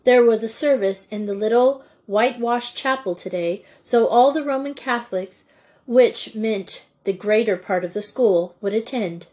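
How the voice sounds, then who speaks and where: A woman reading a children's storybook aloud in a measured, deliberate way. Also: fairly high pitch, a little mellow. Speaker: audiobook reader. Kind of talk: storybook narration.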